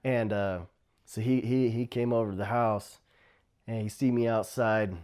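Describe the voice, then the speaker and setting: A man from the Navajo Nation, a former tribal police officer, telling stories casually. He laughs often and shouts out the quoted lines. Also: lowish voice, steady tone, moderate pace, clean tone. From Navajo Nation, US Southwest. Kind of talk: casual storytelling.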